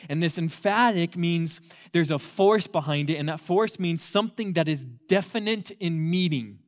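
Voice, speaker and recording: A man's voice: on the high side, moderate pace. A man in his thirties preaching a sermon as a youth pastor, conversational at first and then emphatic, repeating key words for force. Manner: conversational storytelling opener.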